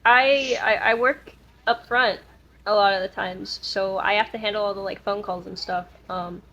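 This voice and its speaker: A woman's voice: medium pitch, steady tone, normal speed, a bit bright. A young woman casually telling a rambling story on a podcast, full of fillers and restarts. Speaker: podcast co-host. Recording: dull lo-fi recording.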